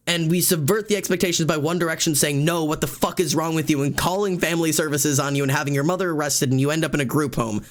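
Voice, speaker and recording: A man live-streaming, chatting casually and rambling while gaming, swearing freely and laughing often into a desk microphone. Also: a little high.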